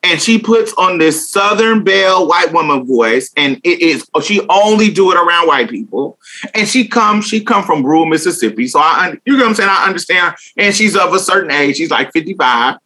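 A woman's voice: on the low side, lively intonation, moderate pace, pushed and bright. A young woman talking candidly in an interview, blunt and emphatic, swearing freely and laughing often. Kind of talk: candid casual conversation.

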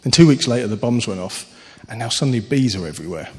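A man preaching a sermon, earnest and animated, telling stories with sudden lifts in his voice. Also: mid-range voice, fast talker. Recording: long hall reverb.

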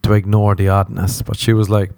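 A man's voice: fairly low pitch, level tone, a little fast, gravelly, warm tone, dry recording. An Irish man in his thirties hosting a podcast, rambling through a sweary, self-mocking comic monologue. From Ireland. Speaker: podcast host. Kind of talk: casual comedic monologue.

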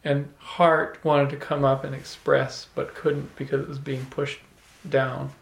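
A man telling a personal story to a small audience, animated, often laughing and restarting his words. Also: medium pitch, measured pace, creaky. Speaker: salon speaker. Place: room with a small live audience. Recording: echoey room.

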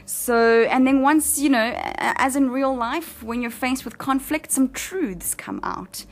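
South African actress as an interview guest, lively and upbeat, slightly higher pitch. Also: female voice, measured pace. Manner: warm, enthusiastic, frequent ums. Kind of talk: casual interview chat.

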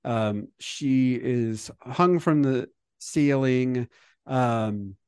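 A man in a podcast chat, retelling a film scene by scene with plenty of "um" and "like" and quick acted-out lines. His voice sits at an ordinary middle pitch. The sound is dry and close, with no room around it. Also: darkish tone, clear, resonant tone, dry recording. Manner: rambling, filler-heavy retelling with acted-out quotes. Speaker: podcast co-host. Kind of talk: casual movie recap chat.

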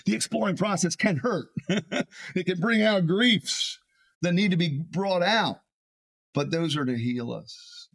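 A man, a pastor, preaching a sermon in an animated way, often repeating words as he builds a point. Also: high voice, measured pace, creaky.

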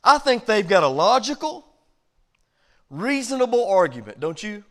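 A man, a pastor, teaching a Bible study in a conversational preaching style that rises loud and drops soft. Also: high-pitched, very animated, normal speed. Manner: conversational preaching with big swings in loudness. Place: church.

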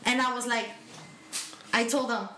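A woman's voice: a little high, unhurried, reverberant, a little hiss or hum, poor audio. A woman co-hosting a podcast, telling a story in casual chat that is full of swearing and Spanish slang. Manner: profane, animated, mixes in Spanish slang. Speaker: podcast co-host. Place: podcast room.

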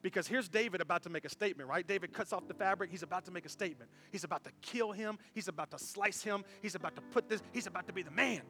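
Male pastor, high and bright, lively conversational sermon with faint music underneath. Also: fast, hardly any pauses. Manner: animated, conversational preaching with rhetorical questions.

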